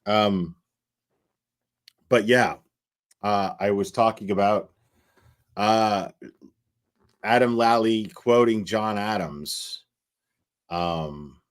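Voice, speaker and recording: Slow-talking, halting male livestream host. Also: on the low side. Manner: halting, many fillers and restarts. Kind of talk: casual live commentary.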